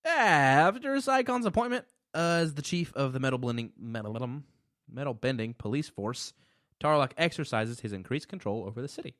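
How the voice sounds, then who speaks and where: A man of middle pitch banters on a casual podcast, deadpan and grumbling, teasing his co-host. His voice swings lively up and down, and the sound is dry. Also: normal speed, dry recording. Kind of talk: casual chat about a cartoon series.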